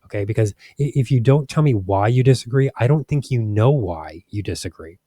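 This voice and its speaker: A man's voice: medium pitch, animated, fairly quick, dark tone, dry recording, studio quality. A man hosting a stock market channel, speaking frankly and with exasperation over charts, with many restarts and fillers. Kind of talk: casual commentary over charts.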